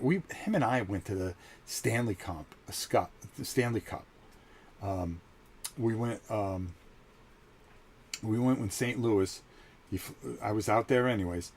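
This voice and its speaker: A man's voice: lowish voice, a little hiss or hum. A middle-aged man hosting his channel, telling a story in a casual monologue and acting out the conversations he recalls. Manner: animated, acts out quoted conversations. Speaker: channel host.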